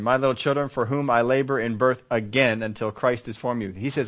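A man's voice: medium pitch, fairly even intonation, fairly quick, hardly any pauses, lo-fi sound. A man preaching a Bible-teaching sermon in a conversational style, often putting questions to the congregation. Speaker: pastor.

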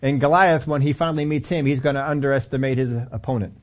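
A man's voice: medium pitch, fairly even intonation, quick pace. A middle-aged male pastor preaching a sermon, telling the story animatedly with acted-out quotes and chuckles.

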